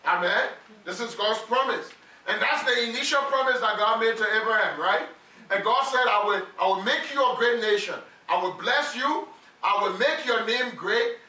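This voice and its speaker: A man with a high, bright, ringing voice preaches a sermon, emphatic and drawing the congregation into call-and-response. He is heard slightly off-mic in a roomy church hall. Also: normal speed, distant mic. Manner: emphatic, leads congregation in repeating phrases.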